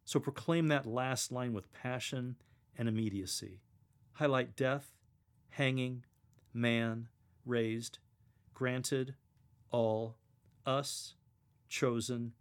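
A man coaching church lectors, explaining how to proclaim a reading and acting out its quoted lines. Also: medium pitch. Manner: earnest, instructive, acts out quoted lines.

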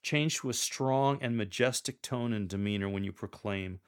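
A man coaching a lector on reading scripture aloud, speaking in a deliberate, instructive way and performing sample readings. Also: fairly low pitch.

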